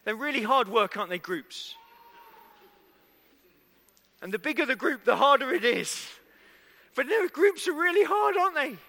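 A man's voice: very high-pitched, expressive, moderate pace, vocal fry, long pauses, pushed and bright. A man preaching a sermon to a congregation, talking conversationally and asking them questions. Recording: echoey hall with long reverb.

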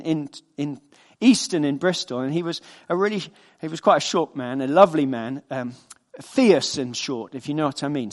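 Earnest, high-voiced male preacher. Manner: earnest, conversational storytelling. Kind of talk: sermon.

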